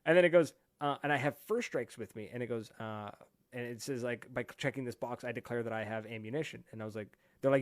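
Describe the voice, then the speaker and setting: A man from Canada hosts a casual podcast. He tells his story with energy, acts out other people's lines and laughs often. His voice is mid-pitched and sounds dry and close to the mic. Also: fast talker, dry recording. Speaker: podcast host. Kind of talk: casual chat, telling a story.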